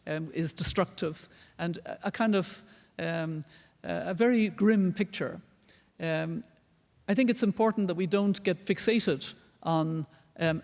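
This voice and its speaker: An older woman with an Irish accent, giving an earnest, measured public lecture as a guest speaker. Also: fairly low pitch, darkish tone. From Ireland. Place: large lecture hall. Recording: long reverb of a large hall.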